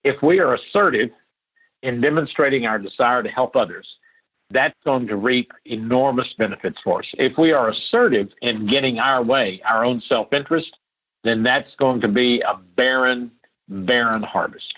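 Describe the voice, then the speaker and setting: A man's voice: medium pitch, normal speed, narrow, tinny audio. An older man from Appalachia, a guest answering interview questions in an earnest, emphatic way that repeats key phrases.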